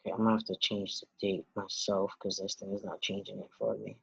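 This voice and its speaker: A man's voice: lowish voice, little pitch movement, fast, gravelly, fairly bright tone, husky, no echo. A man teacher taking roll in an online class on a video call, matter-of-fact. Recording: dull, dry video-call audio.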